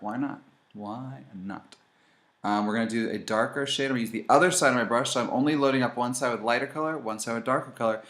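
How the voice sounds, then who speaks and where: The host of this relaxed makeup tutorial is a man with a mid-range voice. He talks to his viewers head-on in an animated, chatty manner while showing his technique.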